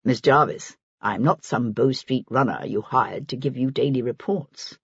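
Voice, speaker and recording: A reserved aristocratic gentleman with a bland, measured delivery, as a woman narrator puts him on. The voice sits low and husky. The audiobook sound is dull and dry. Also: no echo, exaggerated voice.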